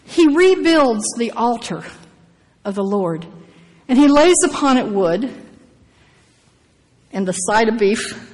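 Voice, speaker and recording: A woman with a voice pitched a little high preaches slowly, with long pauses, lively intonation and a darkish tone. She alternates between reading scripture aloud and breaking in with emphatic asides, while a long reverb trails her words through the hall.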